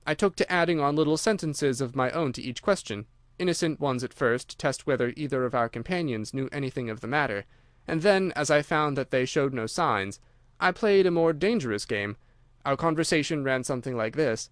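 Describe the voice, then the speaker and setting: A male audiobook narrator reads a scripted story in a calm, even, measured manner. His mid-range voice is captured in a dry, studio-quality recording.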